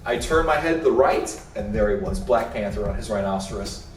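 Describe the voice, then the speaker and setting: A man's voice: lowish voice, expressive, a little fast, recorded from a distance. A man spins a rambling, mock-serious tall tale, stumbling over his words and repeating himself. He sounds set back from the mic in an echoey room with faint music behind. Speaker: storyteller in comedy sketch. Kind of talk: comedic storytime parody.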